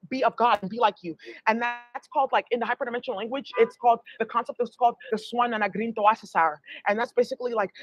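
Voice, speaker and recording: Fast, husky-voiced woman tarot reader. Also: a little high, a bit bright, lo-fi sound. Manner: emphatic, rambling, blunt and profane. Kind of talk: tarot reading monologue to viewers.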